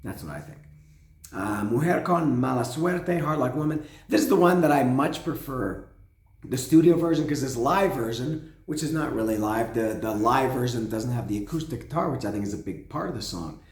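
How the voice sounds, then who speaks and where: A man hosts a casual spoken album review in a hoarse, cracking, mid-range voice, expressive and at normal speed. He rambles, restarts, and hums along, all in an echoey room.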